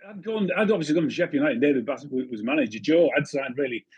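A man's voice: fairly high pitch, lively intonation, fast talker, slightly rough, no echo, lo-fi sound. A man in his fifties, a former goalkeeper, telling chatty football anecdotes as a podcast guest. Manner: chatty anecdotes, frequent restarts, laughing. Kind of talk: casual storytelling chat.

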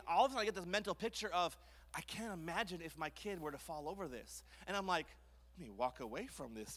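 A man in his thirties from Canada, preaching a sermon and telling lively stories, acting out his own voice and others' in quotes. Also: a little high. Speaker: pastor. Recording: long reverb of a large hall.

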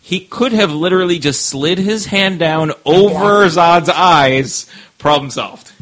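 A man's voice: on the high side, slow, fairly bright tone. Wry, sarcastic podcast man. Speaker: podcast co-host. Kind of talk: casual chat.

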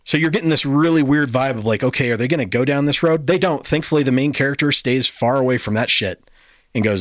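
A man's voice: mid-range voice, fast talker, dry recording, studio quality. A man hosting a podcast, giving a casual, exasperated and profane review rant. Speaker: podcast host.

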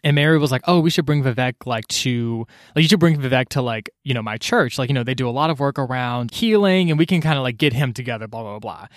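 A man at middle pitch talks close to a dry microphone, casually recapping a story. He rambles through it with endless "like"s and playfully acts out what the characters said, calling everyone "girl.". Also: fast talker, hardly any pauses, no room sound. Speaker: podcast co-host discussing a novel. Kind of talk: casual book-discussion chat.

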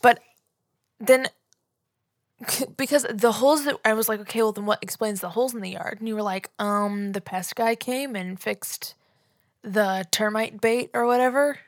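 A woman's voice: on the high side, moderate pace, dry recording, clean studio sound. A young woman co-hosting a casual podcast, telling a story about herself in a self-mocking, giggly way. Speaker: podcast co-host. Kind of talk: casual chat.

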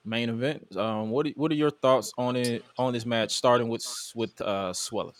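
A man hosting a casual wrestling review talk show, animated and often laughing as he acts out quotes. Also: mid-range voice, moderate pace. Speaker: podcast host. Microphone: studio mic at a table.

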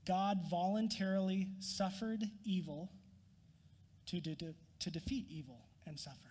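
A man preaching a sermon as a pastor, earnest, rising to emphatic peaks and dropping to quiet. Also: sits high, steady tone, moderate pace, long reverb tail. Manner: earnest, rises in emphasis then drops quiet.

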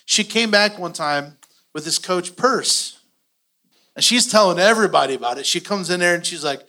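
A middle-aged man teaching a church finance class, telling stories with animated, acted-out quotes. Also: fairly high pitch, brisk. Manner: animated storytelling, acts out quotes.

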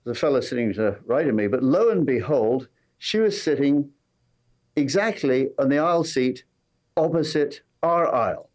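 A man's voice: medium pitch, lively intonation, moderate pace, darkish tone. An English-accented pastor delivers a sermon in a mid-range male voice, weaving a personal anecdote into his message. He mixes wry, self-deprecating humor with earnest, direct appeals to his listeners. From England.

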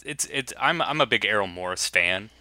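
A man's voice: lowish voice, moderate pace, no echo. A man co-hosting a podcast, talking casually and animatedly about a documentary. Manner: animated, laughing while recounting scenes. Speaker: podcast co-host. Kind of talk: casual film discussion.

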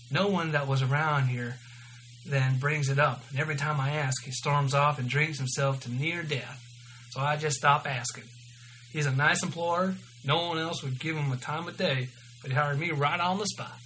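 A man's voice: on the high side, normal speed, pushed and bright, a little hiss or hum, poor audio. A man reading as a gossipy diner waitress. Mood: chatty. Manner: gossipy, talkative. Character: chatty small-town diner waitress woman.

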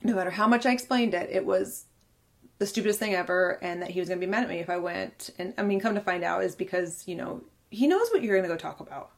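A woman's voice: medium pitch, expressive, fast talker. A woman in her thirties hosting a podcast, telling her own story in a candid, earnest monologue and often quoting what others said. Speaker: podcast host.

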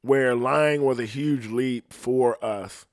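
Man, mid pitch, casual profane rant; dry, close sound. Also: slow pace, no room sound. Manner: ranting, profane, rambling with frequent "you know what I mean". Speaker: podcast host.

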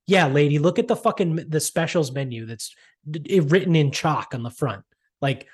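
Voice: medium pitch, a little slow. Brief: exasperated podcast host ranting a story, swearing freely, mocking tone. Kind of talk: casual storytelling rant.

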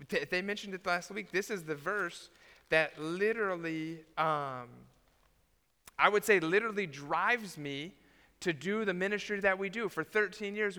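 A man in his thirties preaching a storytelling sermon in a chatty, animated way, with frequent ums. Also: fairly high pitch, smooth. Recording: long hall reverb.

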